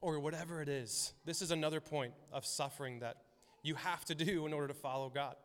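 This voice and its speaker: A man's voice: on the high side, fairly quick. A man preaching a casual, conversational sermon as a pastor, often acting out the voices in his stories. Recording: long hall reverb.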